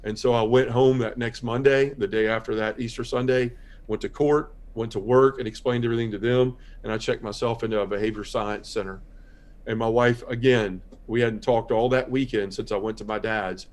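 Man, podcast guest, earnest testimony, quiet, heartfelt storytelling. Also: mid-range voice, fairly even intonation, brisk. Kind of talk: personal testimony in a podcast interview.

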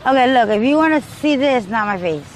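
A woman talking in a rambling, restless way in a street interview, her voice swinging between loud and quiet. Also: on the high side, animated, brisk. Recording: noisy outdoor street recording.

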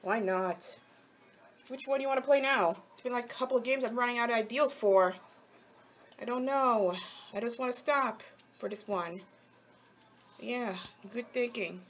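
A woman's voice: a little high, normal speed, long pauses. A young woman giving casual, rambling commentary while playing mobile games, talking to the characters and getting frustrated. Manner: rambling, talks to game characters, easily frustrated. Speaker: mobile game channel host.

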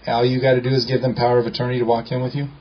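A man's voice: medium pitch, monotone, very fast, lo-fi sound. A man telling a story to a live group in a joking, colloquial way, acting out the dialogue. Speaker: speaker at a meeting.

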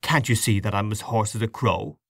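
A man voicing a curt male singer with a hoarse throat, talking roughly. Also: fairly low pitch, a little fast, no room sound, studio quality, close to an everyday voice. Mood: irritated.

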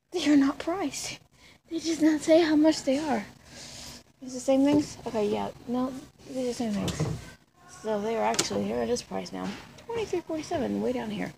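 A woman's voice: a little high, vocal fry. A woman chatting casually as she walks through a big store, rambling with jokey asides into a handheld phone. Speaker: vlogger. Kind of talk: casual store walkthrough vlog. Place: big retail store, indoors. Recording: noisy store background.

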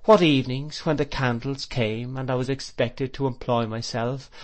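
A man's voice: medium pitch, steady tone, moderate pace. Man reading a classic novel aloud. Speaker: audiobook narrator. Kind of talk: scripted literary narration.

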